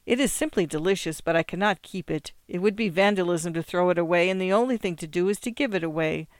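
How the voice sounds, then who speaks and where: A storyteller voicing an excitable young lawyer who gushes and exclaims, in a smooth voice. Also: mid-range voice, fast, dry recording, close to an everyday voice. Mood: scheming. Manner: exclamatory, gushing.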